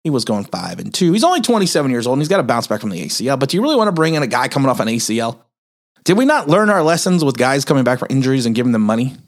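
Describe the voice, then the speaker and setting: A middle-aged man talking sports on his own show, his pitch swinging widely from line to line. He rambles, restarts his sentences and laughs at himself. He sounds worn out and a bit ornery. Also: very animated, racing. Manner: rambling, frequent restarts, self-mocking laughs. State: tired and grumpy. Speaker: sports podcast host. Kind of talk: casual sports commentary monologue.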